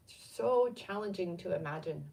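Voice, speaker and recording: Rambling middle-aged woman, lowish voice. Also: vocal fry, far from the mic. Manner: rambling and spontaneous, with sudden animated bursts. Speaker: spiritual card reader and host. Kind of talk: casual live card-reading chat.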